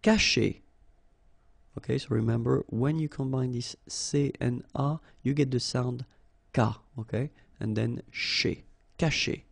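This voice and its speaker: Slow, gravelly French-accented male teacher. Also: mid-range voice, fairly even intonation, no echo. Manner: patient, repeats each word with short explanations. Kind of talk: slow vocabulary lesson, spelling out sounds.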